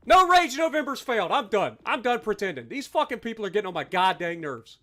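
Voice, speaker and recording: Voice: mid-range voice, sing-song, a little fast, hardly any pauses, fairly bright tone. A livestreamer giving live gameplay commentary, ranting at teammates with constant swearing, heavy sarcasm and asides to the chat. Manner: angry, profane ranting at teammates; talks to the chat.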